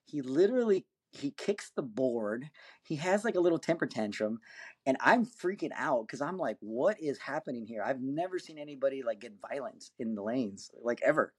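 A man's voice: medium pitch, moderate pace, breathy edge. A man on a podcast telling a story in a casual, rambling way, full of fillers and restarts, acting out other people's lines. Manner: lively, acts out quoted voices. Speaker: podcast guest, competitive axe thrower.

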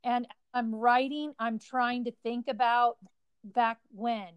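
Woman, high-ish voice, very slow delivery, dry sound; gentle memory-sharer. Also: steady tone, smooth, no echo, lo-fi sound. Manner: gentle, slow, thoughtful recollection. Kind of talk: casual personal conversation.

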